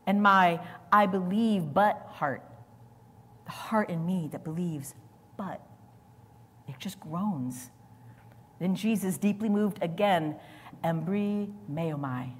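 A woman preacher delivering a sermon with dramatic swings between loud, forceful lines and near whispers. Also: fairly low pitch, takes it slowly, pauses often, big-room sound, slight background noise.

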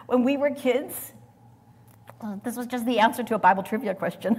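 A woman preacher delivering a sermon with dramatic swings between loud, forceful lines and near whispers. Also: a little high, a little slow, pauses often, breathy edge, in a large hall.

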